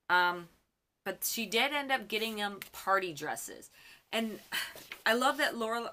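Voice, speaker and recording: A woman on camera talks through a show episode in a loose, chatty recap. Her voice is sharp and bright, and she gushes with plenty of ums and quick self-corrections. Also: medium pitch. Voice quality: chatty and gushing. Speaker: fan channel host.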